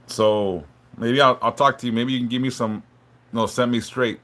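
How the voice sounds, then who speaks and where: A man hosting a live stream, talking haltingly and emotionally, stumbling and repeating words, swearing a lot and apologizing for opening up. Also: medium pitch, fairly even intonation, fairly bright tone. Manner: apologetic and openly vulnerable. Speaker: livestream host reading chat.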